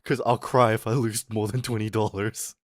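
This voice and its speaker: A male streamer talks in a fairly low voice, trading crude, self-mocking jokes with his chat and laughing often. The sound is dry, with no room echo. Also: level tone, moderate pace. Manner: chats back to viewers' comments. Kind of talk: casual live-stream chat.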